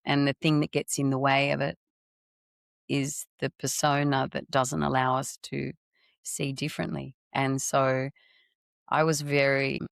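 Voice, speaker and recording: A middle-aged woman with a notably low voice shares a personal story as a podcast guest. She talks earnestly and expressively, breaking off and restarting her thoughts. The recording is dry and close, with no room sound. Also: flat delivery, unhurried, creaky, clear, resonant tone, no echo. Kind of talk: reflective personal storytelling in conversation.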